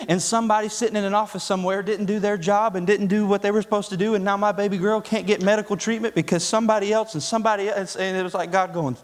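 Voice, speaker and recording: A man's voice: high voice, fairly even intonation, fast talker, long reverb tail. A man preaching a sermon as pastor, folksy and conversational, building to emphatic peaks. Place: church sanctuary.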